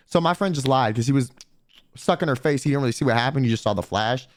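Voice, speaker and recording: A young man, a streamer, telling a profane, animated story in casual chat and quoting people in put-on voices. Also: medium pitch, fast talker.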